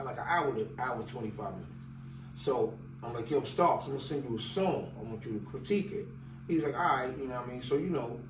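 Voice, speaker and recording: A man's voice: medium pitch, background noise. Man, New York accent, rapper guest, slangy storyteller, echoey room, distant mic. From Staten Island, New York. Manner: slangy, loose, acts out quoted dialogue. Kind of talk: casual interview storytelling.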